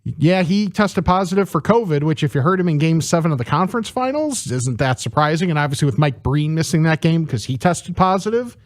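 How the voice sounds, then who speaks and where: A male sports radio co-host with a slightly high voice breaks down basketball matchups in detail. He adds dry asides, and the sound is dry and close. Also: animated, fairly quick, no room sound. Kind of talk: basketball analysis on talk radio.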